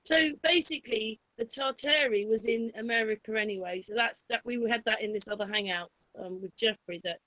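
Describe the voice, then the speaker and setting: A woman's voice: on the high side, a little fast, few pauses, fairly bright tone, rough recording. A woman from Berkshire chatting on a podcast, asking questions and adding her own stories. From Berkshire, England. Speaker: podcast co-host. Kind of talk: casual podcast chat.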